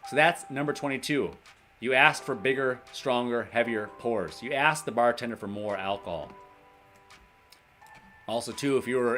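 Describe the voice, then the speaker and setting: A man's voice: medium pitch, bright, forceful tone. A man hosting a casual livestream, reading a list aloud, laughing often and chatting with viewers. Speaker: livestream host in recovery.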